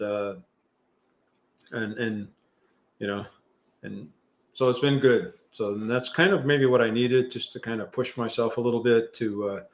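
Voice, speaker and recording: Rambling middle-aged host chatting live. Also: male voice, mid-range voice, fairly bright tone. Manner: rambling, many fillers and restarts, self-deprecating. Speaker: livestream host. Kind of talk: casual live chat reading viewer comments.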